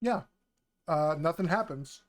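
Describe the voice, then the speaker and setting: A man running a tabletop game as game master, describing the scene with frequent fillers and pauses. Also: a little high. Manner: relaxed, hesitant, many fillers.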